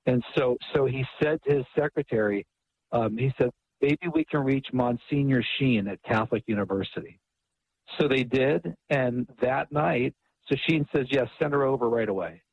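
Husky man telling a story on radio. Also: medium pitch, normal speed, highs cut off. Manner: animated, repeats words often. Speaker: author and guest.

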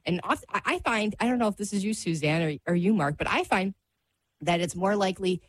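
A woman's voice: mid-range voice, animated, fairly quick. A woman hosting a faith-based radio talk show. She talks in a chatty, self-deprecating way and laughs easily.

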